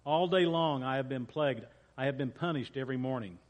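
A man's voice: medium pitch, brisk, dull audio. A man preaching as a pastor, reading scripture in a casual way and often repeating and correcting himself. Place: church sanctuary. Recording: long church reverb.

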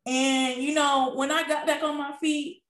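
A woman's voice: sits high, flat delivery, measured pace, fairly bright tone, reverberant. A woman co-hosting a podcast, telling a candid, emotional story in casual chat, full of blunt profanity. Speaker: podcast co-host.

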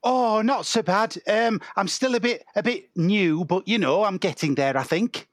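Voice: medium pitch, normal speed, no room sound, lightly acted. Someone doing a meek new baker kid, swallows every made-up fact, dry close sound. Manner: meek, gullible, hesitant. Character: timid eager new trainee baker. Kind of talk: improv comedy scene.

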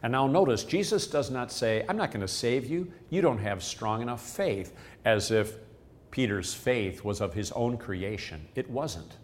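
A man's voice: mid-range voice, animated, measured pace. A man hosting a devotional podcast, explaining a Bible passage in an earnest, explanatory way and repeating key phrases. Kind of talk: scripture teaching.

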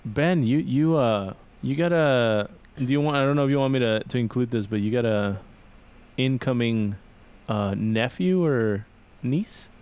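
A man co-hosting a podcast who talks haltingly in casual chat, with many restarts. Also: mid-range voice, animated, darkish tone, clear, resonant tone. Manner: hesitant, halting with fillers. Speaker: podcast co-host.

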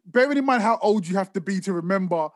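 A young man telling stories on a podcast, animated and swearing, often laughing. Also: sits high, fast talker, no echo. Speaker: podcast co-host. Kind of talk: casual chat.

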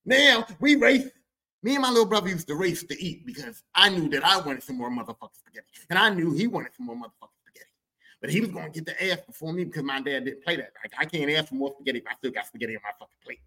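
A man telling comedic family stories on his podcast, rambling and cursing freely. His voice sits a little high and swings widely in pitch as he gets worked up. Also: fast. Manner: profane, animated, rambling. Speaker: podcast host. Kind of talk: comedic personal storytelling.

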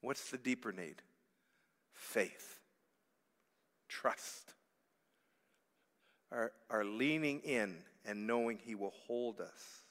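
A man's voice: mid-range voice, a little slow, hardly any pauses. Man preaching in a reverberant hall. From Canada. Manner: dynamic, swings from hushed to loud pleading. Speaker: pastor. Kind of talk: sermon. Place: church sanctuary.

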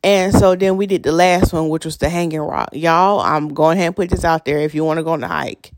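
A young woman, hosting a podcast and telling a story in a chatty, animated way. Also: sits low, brisk, dry recording, clean studio sound. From North Carolina. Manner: chatty, animated, addresses listeners as y'all. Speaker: podcast host. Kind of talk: casual storytelling monologue.

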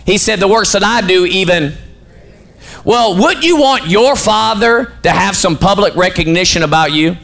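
A man's voice: high-pitched, expressive, normal speed, creaky, fairly bright tone. A man preaching a sermon as pastor, putting questions to his congregation and waiting for them to answer.

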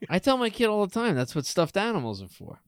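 Man, podcast co-host, high and lively voice, jokey asides. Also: quick pace, smooth, no echo. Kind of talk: casual chat.

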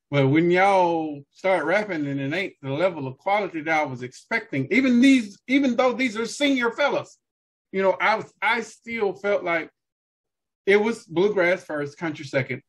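A man's voice: high-pitched, moderate pace. A man co-hosting a casual music review podcast, slangy and laughing often as he talks. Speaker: podcast co-host.

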